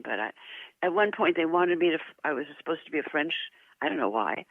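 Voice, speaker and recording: An older woman, a guest actress, telling lively anecdotes in an interview, laughing often and poking fun at herself. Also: deep voice, fairly quick, dry recording. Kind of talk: interview storytelling. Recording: tinny phone line.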